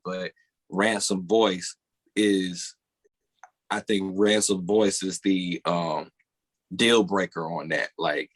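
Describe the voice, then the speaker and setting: A man co-hosting a podcast in casual chat, rambling and restarting his thoughts. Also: fairly low pitch. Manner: rambling, restarts, hedging with "or whatever". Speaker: podcast co-host.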